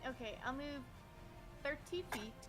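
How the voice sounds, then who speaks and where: A woman's voice: high-pitched, unhurried, over music. A woman playing a tabletop game, hesitant and thinking aloud about her moves. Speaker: player. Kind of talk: casual tabletop play.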